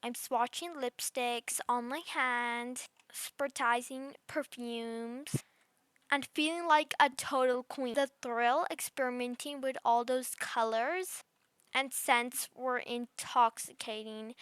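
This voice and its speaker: A woman's voice: a little high, steady tone, slow pace, bright, forceful tone, clean tone, no echo. A woman voicing a rude, bratty girl under ten who rambles smugly through her story with constant fillers. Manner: smug, gleeful. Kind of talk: voice role-play storytime.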